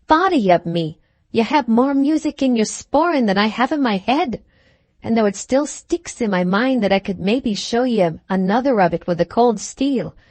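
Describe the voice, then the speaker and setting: Proud hot-headed highland gent from an old adventure book, read by a woman, formal and touchy, quick to bristle. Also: darkish tone, no room sound.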